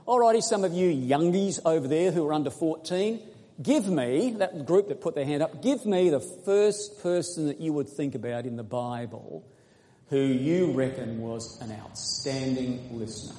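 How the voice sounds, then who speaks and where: A man preaching a sermon in a large hall, his voice mellow and a little husky. He reads scripture slowly and earnestly and stops to quiz his congregation. A long reverb hangs behind every phrase. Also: on the high side, lively intonation. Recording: echoey hall recording.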